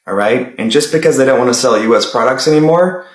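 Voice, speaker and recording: A man's voice: medium pitch, fast, echoey room. A man giving firm, lecturing political commentary.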